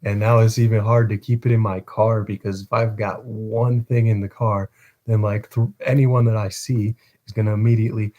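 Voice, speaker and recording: A man's voice: on the low side, flat delivery, normal speed, mellow. A man reading a novel aloud on a casual livestream, chatting between passages and stumbling over words.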